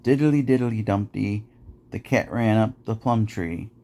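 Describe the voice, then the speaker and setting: A man's voice: lowish voice, a little slow, warm tone. A man reading nursery rhymes aloud in a rhythmic, sing-song way, as host of a podcast.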